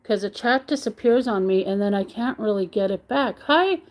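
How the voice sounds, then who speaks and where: A woman's voice: medium pitch, moderate pace, darkish tone. A middle-aged woman, chatting casually on her crochet livestream and greeting viewers by name as she reads the chat. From Canada.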